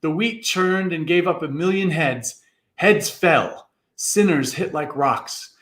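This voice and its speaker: A man giving a theatrical reading of a classic story, jumping into character voices as he narrates. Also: fairly bright tone. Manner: theatrical, voices characters with big pitch jumps. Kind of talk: dramatic reading of a classic novel. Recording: echoey room.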